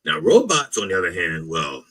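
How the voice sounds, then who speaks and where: A man's voice: low voice, sing-song, normal speed, fairly bright tone, breathy edge, rough recording. A man hosting a podcast as a comic mock reverend, riffing bluntly in a rambling monologue. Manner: blunt, riffing, repeats itself with "all right?" and "okay?".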